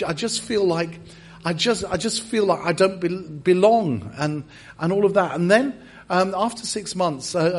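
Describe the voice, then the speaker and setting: A man's voice: sits high, slightly rough. A middle-aged English man preaching in a church, telling a personal story with self-deprecating humor and frequent restarts. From England. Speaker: guest preacher. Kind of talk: storytelling sermon.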